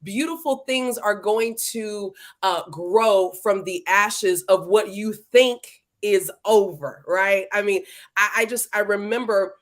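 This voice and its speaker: A woman hosting a live interview stream, chatting casually and playfully and greeting viewers by name. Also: medium pitch. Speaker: livestream host. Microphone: livestream setup.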